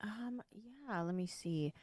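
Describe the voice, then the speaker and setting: A woman hosting a podcast in a studio, telling stories in a lively, casual way and using a lot of slang. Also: medium pitch, takes it slowly, breathy edge, dry recording. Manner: animated storyteller with casual slang. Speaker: podcast host.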